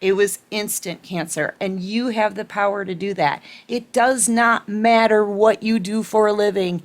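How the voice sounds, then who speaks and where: A woman's voice: medium pitch, steady tone, measured pace. A woman tarot reader giving an earnest spiritual pep talk to her viewers, repeating herself and checking in with "okay?".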